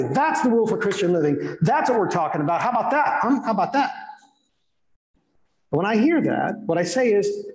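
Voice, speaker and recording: A man's voice: high-pitched, very animated, a little fast. A middle-aged man preaching a sermon as a pastor, earnest, asking rhetorical questions and repeating phrases for emphasis. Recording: roomy echo of a hall.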